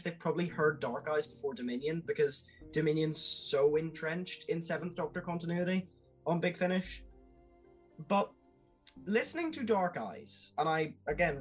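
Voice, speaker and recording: A man talking enthusiastically as a podcast guest, with quick asides and laughs. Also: a little high, slightly rough, rough recording. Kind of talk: casual podcast chat.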